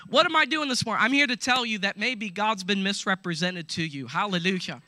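Upbeat male preacher, high voice, playful asides and crowd check-ins. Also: fairly quick, hardly any pauses, no room sound. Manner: animated, laughing asides, call-and-response. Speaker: pastor. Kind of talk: sermon.

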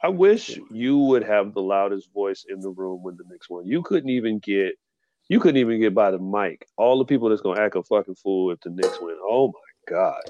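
A man co-hosting a podcast, telling stories with expressive, laughing banter. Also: fairly low pitch, moderate pace, lo-fi sound. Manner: storytelling, expressive, laughs often. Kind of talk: casual banter.

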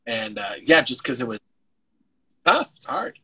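A man's voice: medium pitch, huge pitch swings, measured pace, vocal fry, bright, forceful tone, breathy edge, low-quality recording. A man, an actor guest, chatting casually over a video call, rambling and restarting his sentences, with the odd casual swear. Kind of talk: casual interview chat.

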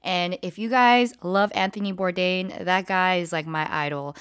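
A woman's voice: lowish voice, moderate pace, smooth, dry recording, studio quality. Chatty, profane woman telling a story. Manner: chatty, profane, animated retelling. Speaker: vlogger. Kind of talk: casual storytime.

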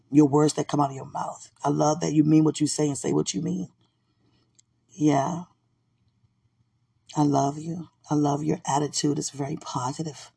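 A woman's voice: low-pitched, gravelly, mellow, husky. A woman hosting a podcast, mixing casual prayer with playful, teasing banter and frequent laughter. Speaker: podcast host.

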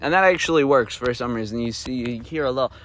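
A man's voice: medium pitch, quick pace, soft background music. A young man improvising a second-person story, rambling with restarts and the odd swear word.

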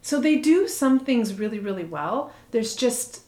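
A woman's voice: a little high, unhurried. Woman telling a travel story, echoey room. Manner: animated storytelling, swears, quotes people. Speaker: storyteller in a chat. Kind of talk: casual chat. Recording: roomy echo.

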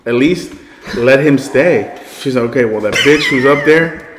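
Dude telling a wild story, swears a lot, laughs a ton, roomy echo with a bit of hiss. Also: male voice, medium pitch, normal speed. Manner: profane, animated, breaks into loud laughter. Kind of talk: casual storytelling. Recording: echoey room, faint noise.

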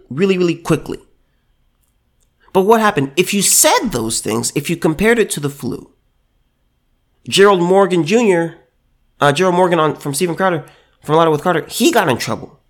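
A man's voice: on the high side, fairly bright tone. A man giving sarcastic, indignant opinion commentary, often repeating and stammering over his words.

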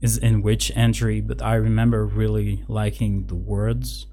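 Slow, low-voiced halting man. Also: level tone, dark tone, soft background music. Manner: halting, many uh fillers and restarts. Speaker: parent, podcast co-host. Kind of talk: casual chat.

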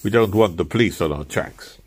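A man's voice: low voice, fairly quick, a little mellow, breathy edge. A man doing a fussy scolding revolutionary. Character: fussy unshaven male revolutionary organizer.

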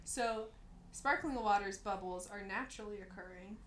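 A young woman co-hosting a casual podcast, animated and quick to react with surprise. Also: mid-range voice, reverberant, a little hiss or hum. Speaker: podcast co-host. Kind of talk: casual chat.

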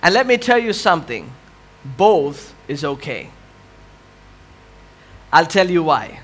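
A man preaching a sermon as a pastor, questioning the congregation and swinging between loud impassioned cries and hushed, quiet lines. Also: sing-song, slow. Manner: swells loud and high on impassioned cries, drops to quiet near-whispers.

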